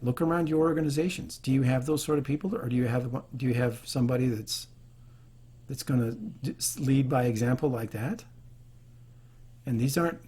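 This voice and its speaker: A man fronting a leadership video talks straight to camera in an unscripted, heartfelt way, repeatedly restarting and audibly choked up. His mid-range voice is a little mellow and carries a breathy edge.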